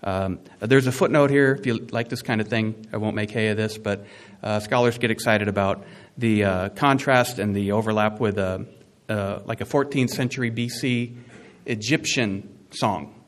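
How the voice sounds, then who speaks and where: A man preaching a sermon, animated and conversational, with asides and emphatic rising peaks. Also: lowish voice, moderate pace. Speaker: pastor.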